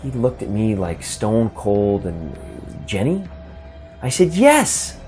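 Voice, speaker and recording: A man telling a first-person ghost story in a halting, earnest way, often repeating words as he gets emotional. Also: fairly low pitch, big pitch swings, dark tone, soft background music.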